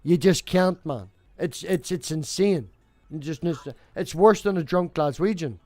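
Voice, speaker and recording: A man with an Irish border accent who talks fast and animatedly while hosting an open live-stream room, stoned. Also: fairly high pitch, darkish tone, no echo. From Ireland, border area. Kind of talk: casual live-stream chat.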